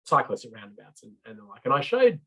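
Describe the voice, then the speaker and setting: A man's voice: medium pitch, very animated, fast, bright, forceful tone. A middle-aged man giving an informal training presentation as a road safety trainer, chatty and rambling, with many fillers and restarts. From Australia. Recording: slightly dull lo-fi recording.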